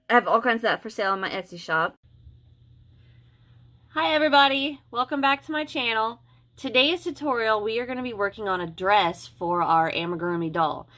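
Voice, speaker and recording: A woman's voice: medium pitch, pushed and bright. A woman hosting her crochet channel, chatting casually through a tutorial with frequent ums and restarts.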